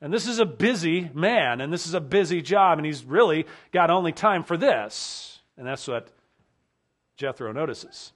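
A male pastor preaching a sermon earnestly, often dropping low and quiet to stress a point. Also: animated, moderate pace.

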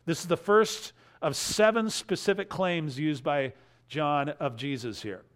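A man's voice: on the high side, a little slow. Man preaching a verse-by-verse sermon. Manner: expository preaching, quoting scripture verse by verse; emphatic swells in level on key phrases. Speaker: pastor.

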